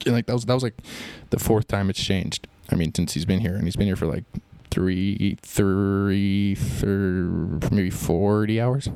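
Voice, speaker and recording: A man's voice: deep voice, steady tone, unhurried, gravelly, few pauses, dark tone, clean tone, dry recording. A man hosting a podcast in an improvised comedy chat, rambling with lots of fillers.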